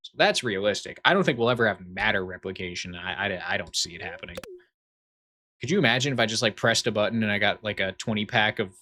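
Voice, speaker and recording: A man's voice: lowish voice, lively intonation, quick pace, pushed and bright. A man streaming a video game from home, chatting casually and rambling off on tangents while reading chat aloud.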